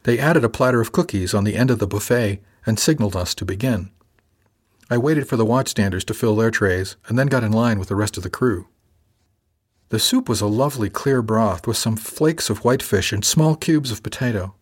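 A man narrating a first-person audiobook in a calm, even storytelling manner. His voice sits low and has a slight husky edge. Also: fairly quick.

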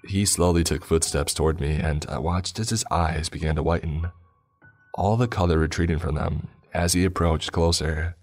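A man with a very deep, low voice tells a first-person horror story. His delivery is steady and measured, with faint music under it.

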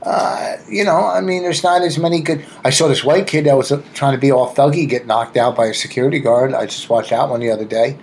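A man's voice: medium pitch, brisk, creaky, few pauses, slight background noise, low-quality recording. Slangy man on a comedy podcast. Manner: loose, slangy, loud exclamations. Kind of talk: casual comedic chat.

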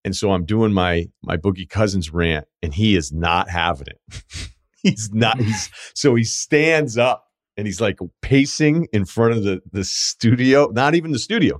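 A deep-voiced middle-aged man hosts a podcast in a loose, chatty way. He tells stories emphatically, tossing in quick asides. His voice sits close and dry on the studio mic. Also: expressive, no echo. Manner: emphatic storytelling, quick asides, frequent laughs. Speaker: podcast host. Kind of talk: casual chat.

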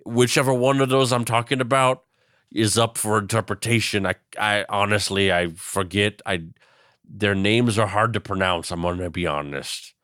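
A man's voice: on the low side, fairly even intonation, normal speed, fairly bright tone, no room sound, clean studio sound, natural voice. A man voicing a boastful, drunken older male president who rambles and brags while proudly clueless. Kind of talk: comedic impression.

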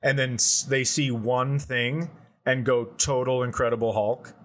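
A man co-hosting a podcast, chatting casually with wry, unhurried remarks. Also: medium pitch, little pitch movement, fairly bright tone. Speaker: podcast co-host. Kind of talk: casual chat.

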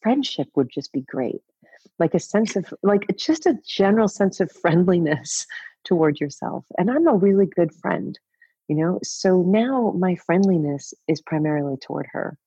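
A woman's voice: lowish voice, expressive, normal speed, dark tone, slightly rough, dry recording, dull audio. A woman in her fifties, a guest author speaking candidly in an interview, laughing often and swearing casually. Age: 50s.

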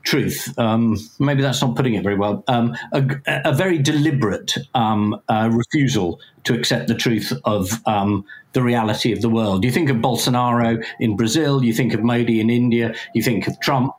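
A man's voice: mid-range voice, moderate pace. A man, a guest on a podcast, speaking in casual interview chat, hesitant with many ums and dry wry asides. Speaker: podcast guest, magazine editor.

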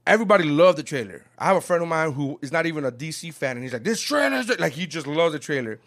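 A man in casual podcast chat, swearing a lot and acting out quotes with big shifts in loudness. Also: a little high, racing. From South Florida. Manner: animated, profane, acts out quotes.

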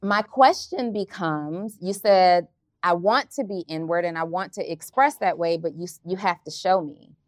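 A woman's voice: lowish voice, measured pace, dry recording, studio quality. A woman on a panel asking direct, pointed questions. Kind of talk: casual panel discussion.

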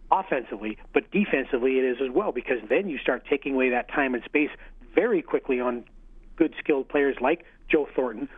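A man's voice: mid-range voice, breathy edge, no room sound. A middle-aged man, a former hockey coach, calling in as a radio guest to break down play and tell stories from his coaching days. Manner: analytical, then tells anecdotes with animated retelling. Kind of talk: phone-in interview. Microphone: telephone line. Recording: tinny phone line.

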